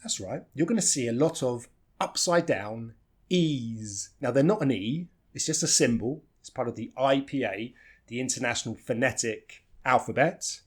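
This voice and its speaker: A man with a husky, slightly breathy voice teaches pronunciation. His pitch moves a lot as he models sounds, and he repeats short phrases slowly so they can be copied. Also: expressive. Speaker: English teacher. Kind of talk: pronunciation lesson.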